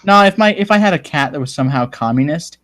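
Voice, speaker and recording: A man's voice: on the high side, lively intonation, quick pace, fairly bright tone. A man hosting a casual livestream, joking sarcastically and reading viewer comments aloud. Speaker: livestream host.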